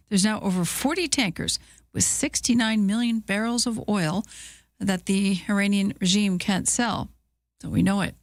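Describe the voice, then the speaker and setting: A woman's voice: mid-range voice, gravelly, no echo. A woman co-hosting a morning radio show, trading wry asides and reading the local news. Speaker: morning radio co-host and newsreader. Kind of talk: casual banter and news reading. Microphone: studio microphone.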